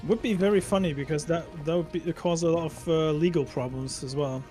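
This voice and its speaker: A man with a somewhat high voice talks over voice chat during a game stream. He rambles, restarts his sentences often and swears along the way. Game music plays clearly behind him. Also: mellow. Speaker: guest player. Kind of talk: casual voice chat while gaming.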